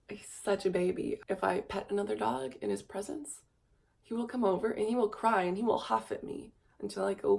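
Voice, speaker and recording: A tired young woman in her twenties, her voice darkish with vocal fry, records a rambling, wistful confessional vlog into a camera mic. She drifts from thought to thought and sometimes coos in a high baby voice.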